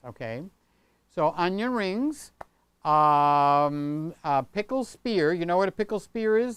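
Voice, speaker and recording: Rambling older man, smooth dry voice. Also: high-pitched, no echo. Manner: rambling, chatty, keeps tagging on "okay?". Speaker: channel host. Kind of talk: casual livestream chat. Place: home studio room with set pieces.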